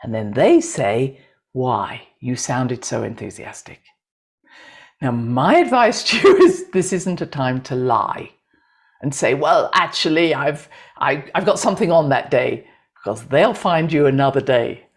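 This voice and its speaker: A middle-aged woman with a low voice speaks to an audience about intuition and astrology. She is animated, acts out inner voices in quick exchanges and laughs often as she talks. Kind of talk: talk to an audience.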